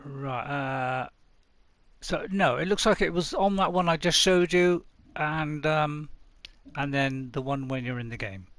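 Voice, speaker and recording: A man's voice: on the high side, a little slow, a bit bright, dry recording. Chatty man streaming games, dry close sound. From United Kingdom. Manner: chatty, rambling, chuckles to himself. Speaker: gaming streamer. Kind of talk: casual live-stream chat. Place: home room. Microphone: desk mic close up.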